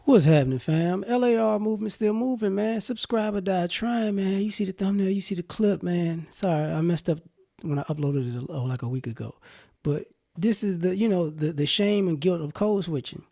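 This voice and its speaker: A man's voice: high-pitched, normal speed, vocal fry, warm tone. A man with a Southern US accent talking through his opinions in a casual, rambling vlog, full of fillers. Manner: rambling, conversational, many fillers. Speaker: vlogger.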